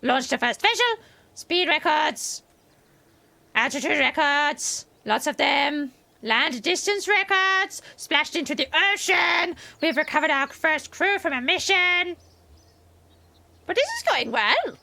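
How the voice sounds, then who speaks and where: Woman doing tiny ancient alien sage, inverted syntax, high and sing-song, playful game stream bit. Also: very animated, slow, gravelly, sharp tone, heavily acted. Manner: inverted word order, playful. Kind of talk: live game stream commentary.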